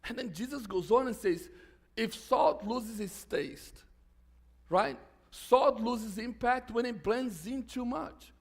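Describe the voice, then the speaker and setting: A male pastor delivers a sermon in a conversational way. He breaks into joking asides and restarts his sentences. His voice sits high and carries a gravelly rasp. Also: takes it slowly.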